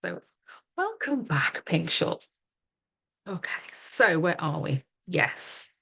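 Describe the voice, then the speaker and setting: A woman's voice: lowish voice, sing-song, slow, creaky, a bit bright, breathy edge. A middle-aged woman, leading a live online workshop as a coach in a chatty, giggly way full of fillers, over a webcam mic.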